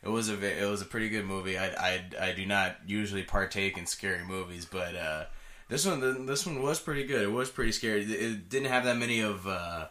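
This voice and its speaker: A laid-back man co-hosts a casual podcast, swearing freely and chiming in with quick agreement. His voice sits fairly low yet sounds bright and forward. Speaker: podcast co-host. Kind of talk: casual chat.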